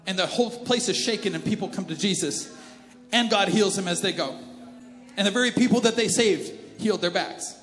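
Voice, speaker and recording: A male pastor preaches with a slightly raised pitch, shifting between chatty asides and earnest appeals. His voice carries through a big church hall with a long echo and faint music beneath it. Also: brisk. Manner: conversational and animated, slips into character voices. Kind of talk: sermon.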